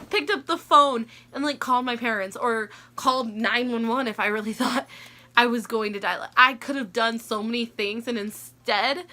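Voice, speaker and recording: A woman in her twenties telling a story to camera in a casual, animated way, laughing often and filling her talk with "like.". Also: on the high side. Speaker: vlogger.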